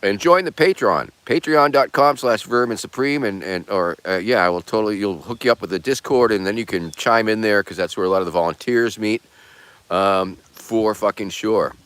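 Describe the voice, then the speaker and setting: A man's voice: lowish voice, normal speed, fairly bright tone, clean tone, no echo. A man hosting a casual livestream who rambles in a laid-back way and swears casually. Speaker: streamer host.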